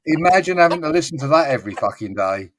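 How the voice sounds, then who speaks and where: A man's voice: on the high side, animated, fast talker, fairly bright tone. Man chatting on a livestream. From England. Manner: mimics regional British accents for laughs. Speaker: livestream panelist. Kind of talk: casual chat.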